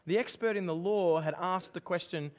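Man, preacher, sermon, high-pitched, emphatic, questioning the congregation. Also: moderate pace.

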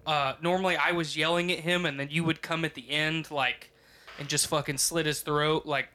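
Guy chatting on a podcast, bright voice, a bit high, swears a lot and rambles. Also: fairly even intonation, normal speed, a little hiss or hum. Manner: rambling, profane, frequent "like" and "you know". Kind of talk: casual chat.

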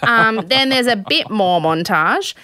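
A woman's voice: fairly high pitch, expressive, takes it slowly, bright, forceful tone. A woman recapping a TV episode in casual chat, a chatty storyteller full of "like" and "um".

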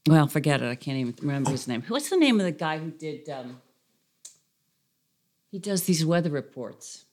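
A woman's voice: deep voice, big pitch swings, normal speed, a little mellow. Giggly woman hosting a podcast chat. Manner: giggly, playful, rambling. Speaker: podcast host. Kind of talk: casual chat over video call. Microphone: video call.

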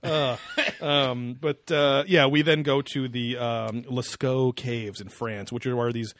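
A man's voice: mid-range voice, steady tone, takes it slowly, fairly bright tone. A young man co-hosting a podcast in casual chat, sarcastic and rambling with lots of fillers and swearing. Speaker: podcast co-host.

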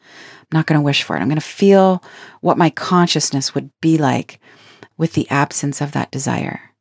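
Woman speaker with a low voice, earnest, playful self-help talk, dry close sound. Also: normal speed, vocal fry, husky, dry recording. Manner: earnest, playful, laughs between points. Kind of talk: reflective spoken talk.

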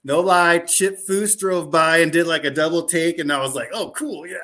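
Chatty man telling animated stories. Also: fairly high pitch, normal speed. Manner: rambling, animated anecdotes full of "like" and quoted dialogue. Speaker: podcast guest. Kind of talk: casual storytelling chat.

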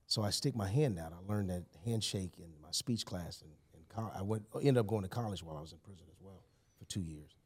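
Speaking in a low voice at a brisk clip, a podcast guest recounts something from his own life in relaxed conversation. He's emphatic and lively, leaning on "you know" and "man" a lot.

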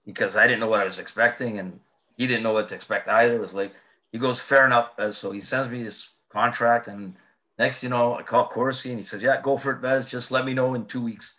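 A man's voice: mid-range voice, steady tone, brisk, bright, forceful tone. A man telling hockey road stories in casual chat, swearing often and laughing through them.

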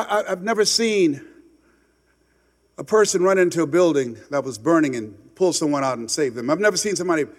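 A man from Miami giving an impassioned motivational speech, repeating words for emphasis and dropping to a hush for stories. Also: a little high, in a large hall. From Miami, United States. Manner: emphatic, repeats words, swings from loud to hushed storytelling. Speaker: motivational speaker.

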